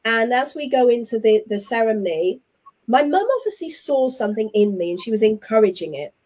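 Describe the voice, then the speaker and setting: Guest, English woman, middle-aged, warm mellow voice, chatty and animated storyteller. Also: a little high, fairly quick. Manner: animated, chatty storyteller who acts out what others said. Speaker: interview guest. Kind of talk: casual conversational storytelling.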